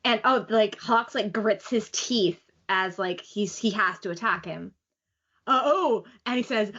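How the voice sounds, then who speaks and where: A woman's voice: mid-range voice, a little slow, a bit bright. A woman co-hosting a podcast, rambling eagerly in casual fan discussion. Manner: enthusiastic, rambling with many fillers. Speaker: podcast co-host. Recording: dull lo-fi audio.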